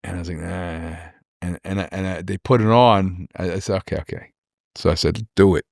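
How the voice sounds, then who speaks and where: A man's voice: low voice, fairly even intonation, moderate pace, vocal fry, no echo, clean studio sound. A man in his forties, a rapper guest telling rambling personal stories in a casual interview, repeating words and acting out what people said.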